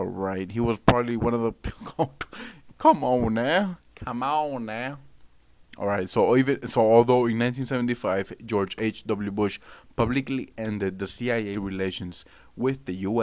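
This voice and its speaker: A man's voice: on the low side, no room sound. Emphatic man hosting a political livestream. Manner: emphatic and loose, with sudden loud outbursts. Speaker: political commentary host. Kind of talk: live political commentary stream.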